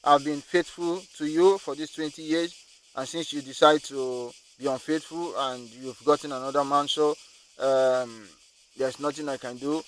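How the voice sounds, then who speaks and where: A man's voice: a little high, fairly even intonation, moderate pace, a little hiss or hum, voice pushed down, natural voice, low-quality recording. A man telling a story and voicing a weary husband talking himself out of a rash decision. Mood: resigned. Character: weary traveling husband, hot-tempered then calm.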